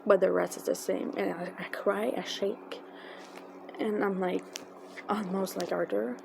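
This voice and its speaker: Woman, gravelly, halting and emotional, noisy recording. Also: medium pitch, fairly even intonation. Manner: emotional, halting, many fillers and restarts. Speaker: fan telling a personal story. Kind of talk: casual storytelling. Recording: noisy background.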